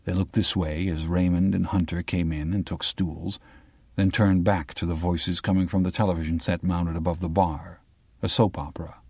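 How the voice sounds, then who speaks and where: Brief: male audiobook narrator, very low voice, dry close-miked read. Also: level tone, moderate pace, a little mellow, slightly rough, dry recording. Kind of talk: scripted narration.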